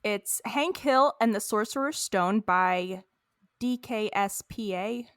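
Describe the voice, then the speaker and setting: A woman's voice: mid-range voice, takes it slowly, no echo. Amused woman co-host, dry sound. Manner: amused, rambling with restarts. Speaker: podcast co-host. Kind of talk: casual chat, reading a fanfic aloud.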